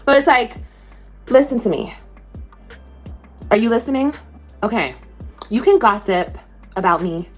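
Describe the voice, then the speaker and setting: A woman's voice: fairly high pitch, animated, unhurried, long pauses, soft background music. A woman social media creator ranting to camera, confrontational, sarcastic and profane.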